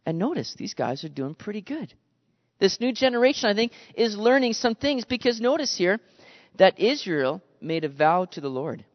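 Guy preaching a sermon, high voice, lively, dull lo-fi sound w long reverb. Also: moderate pace. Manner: animated, acts out quoted voices. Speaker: pastor.

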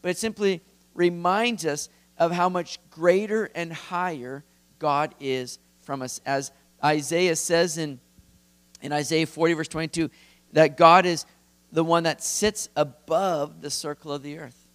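Earnest, slightly high-voiced male preacher. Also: steady tone, a little slow, fairly bright tone. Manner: conversational, earnest, emphatic. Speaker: pastor. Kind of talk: expository sermon.

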